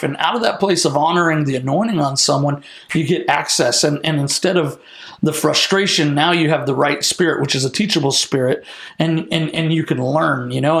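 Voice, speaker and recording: Excited guy telling a wild story, gravelly voice, kinda high. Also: reverberant. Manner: excited, restarts often, quotes people in lively voices. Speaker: guest telling a testimony. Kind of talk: animated storytelling.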